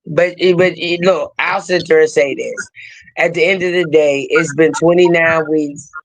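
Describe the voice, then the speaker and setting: A woman on a live stream speaking earnestly and reflectively, with a gravelly voice. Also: deep voice, fairly even intonation, a little slow, dry recording, low-quality recording. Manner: earnest, reflective, talks about loss. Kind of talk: casual chat on a live stream.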